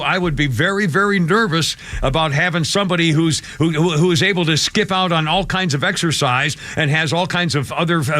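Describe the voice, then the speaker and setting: An older man in his seventies hosts an opinionated talk show, his voice pitched high and pushed forward with a tense edge. He rambles through restarts and builds into heated, emotional tirades. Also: sharp tone, dry recording. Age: 70s. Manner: emotional, choked up at times.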